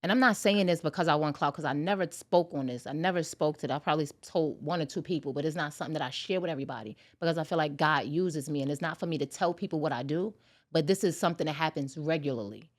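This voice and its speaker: A woman guest on a podcast, telling a personal story in casual chat and acting out the lines of the people in it. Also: deep voice. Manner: animated, talks fast, acts out dialogue.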